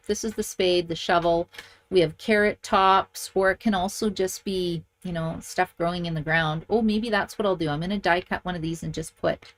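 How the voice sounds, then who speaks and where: A middle-aged woman demonstrating card making, chatty and enthusiastic, thinking aloud as she works. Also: lowish voice. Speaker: papercraft demonstrator. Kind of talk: casual crafting tutorial.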